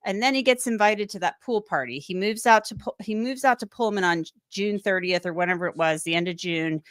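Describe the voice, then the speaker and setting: Brief: chatty female crime podcast host, mid pitch, dry close sound. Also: a little fast, fairly bright tone, no room sound. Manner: chatty, rambling, acts out quotes. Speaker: true crime show host. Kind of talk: casual podcast discussion.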